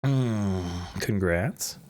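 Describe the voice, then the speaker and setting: A man's voice: low-pitched, extremely slow, darkish tone. A man reading fan fiction aloud and breaking off for wry, amused asides. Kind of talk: comedic dramatic reading with commentary.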